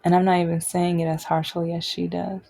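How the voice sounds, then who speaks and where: In this unscripted monologue, a female podcast host recounts something from her own life. Her low, gravelly tone carries a husky edge and little pitch movement, and her speech is halting, full of abandoned and restarted sentences.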